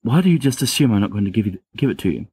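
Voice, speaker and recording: A man's voice: fairly low pitch, lively intonation, rapid-fire, dark tone, husky, no room sound, clean studio sound. A man voicing a reckless teenage boy who stammers and pleads in a slightly raised voice, in an amateur audiobook reading. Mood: stammering. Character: reckless, excitable teenage boy wizard Sirius.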